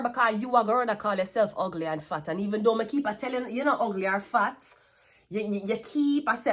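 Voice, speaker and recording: A woman's voice: medium pitch, lively intonation, fairly quick, fairly bright tone. A Jamaican woman giving a tarot reading, blunt and scolding, with plenty of swearing. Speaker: tarot card reader.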